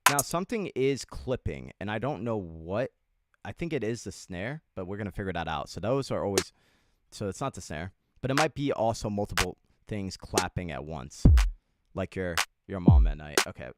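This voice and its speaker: A man's voice: deep voice, lively intonation, normal speed, loud music behind the voice. A young man livestreaming a beat-making tutorial, chatting casually with his chat, joking and swearing a lot. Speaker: music producer livestreamer.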